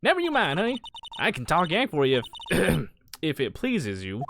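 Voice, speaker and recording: A loud drawling Southern country gal. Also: mid-range voice, huge pitch swings, normal speed, creaky, background noise. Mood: chatty. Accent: put-on Southern US. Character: brash young woman photographer, folksy.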